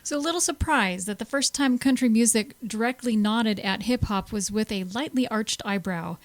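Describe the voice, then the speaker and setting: A woman's voice: a little high, normal speed, dry recording. Woman co-host reading her notes. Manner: smooth even reading, brief agreeing replies. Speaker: radio show co-host.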